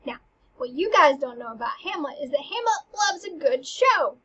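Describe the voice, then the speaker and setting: A woman's voice: sits high, lively intonation, normal speed. A young woman teaching a casual literature lesson, chatty, full of slang and "like". The recording is dull and lo-fi. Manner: chatty, uses slang and "like" a lot.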